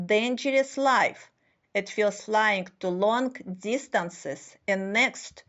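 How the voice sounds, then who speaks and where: A woman giving a slow scripted monologue as a spiritual speaker, with deliberate, halting phrasing and non-native grammar. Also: mid-range voice, highs cut off.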